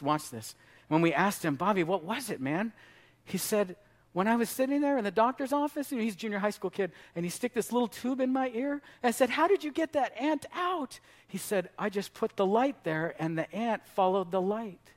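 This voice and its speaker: A middle-aged man preaching a sermon as pastor, telling a story with animated delivery and shouting for emphasis. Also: high voice, moderate pace.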